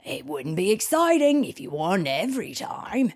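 A woman's voice: fairly low pitch, very animated, normal speed, darkish tone, faint music behind. A woman voicing a laid-back cartoon father dog who talks in a matter-of-fact way during a storybook reading.

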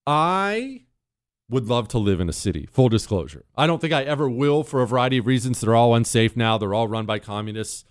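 A man's voice: mid-range voice, animated, a little fast, smooth. A man hosting a political commentary show, talking in an emphatic, sarcastic, repetitive way. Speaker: show host.

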